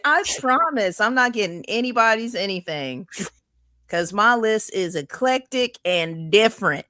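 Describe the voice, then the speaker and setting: A woman's voice: medium pitch, animated, sharp tone, no room sound. A woman from Kansas with a Kansas accent, co-hosting a casual podcast chat and often laughing. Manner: giggly, playful, drawn-out words. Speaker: podcast co-host.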